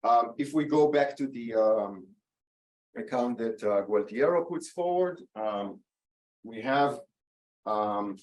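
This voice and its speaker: A man giving an academic lecture at a conference, pausing with many "um"s, checking in with "okay?", and adding dry asides. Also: medium pitch, expressive, poor audio. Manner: lightly sarcastic asides. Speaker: academic speaker.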